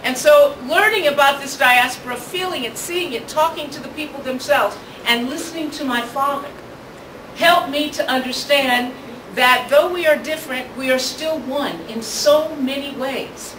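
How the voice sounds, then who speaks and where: A high-pitched woman delivers an earnest speech as a guest speaker, her voice bouncing around a reverberant venue. She sounds set back from the microphone, with steady room noise underneath. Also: normal speed. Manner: earnest personal storytelling. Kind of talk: public speech. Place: event venue with audience ambience. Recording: echoey, distant mic, noisy room.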